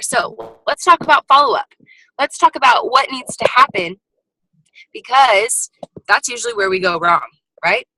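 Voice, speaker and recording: A woman giving a motivational sales training talk over a video call, lively and sassy with chatty asides. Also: mid-range voice, no echo, poor audio. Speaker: guest speaker at a sales team training.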